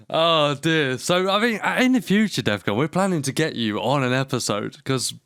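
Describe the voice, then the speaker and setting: A man's voice: a little high, animated, measured pace, a bit bright, smooth, no echo, clean studio sound. A British man hosting a casual podcast, joking around, laughing often and swearing casually. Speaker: podcast host. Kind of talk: casual chat.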